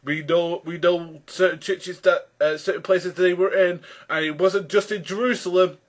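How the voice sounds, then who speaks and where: This male commentator's voice sits high, with fairly even intonation and a moderate pace. Rebutting a YouTube video, he argues in an exasperated tone, often naming his opponent and starting sentences over as each point takes shape.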